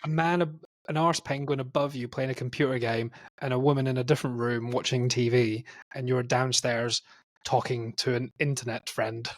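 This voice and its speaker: A man hosting a casual movie podcast, jokey and quick to laugh. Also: medium pitch, level tone, no room sound, studio quality. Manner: jokey, laughing, plays with silly accents. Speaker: podcast host.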